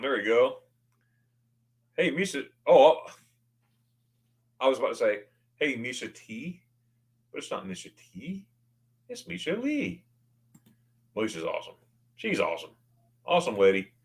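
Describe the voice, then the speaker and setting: A man hosting a casual livestream, greeting viewers by name and reading their comments, excitable and often stammering as he restarts his words. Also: medium pitch. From United States. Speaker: livestream host.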